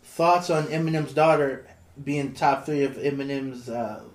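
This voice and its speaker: A young man co-hosting a casual podcast, steering the topics and halting often with ums and repeated words. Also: medium pitch. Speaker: podcast co-host. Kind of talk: casual chat. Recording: roomy echo.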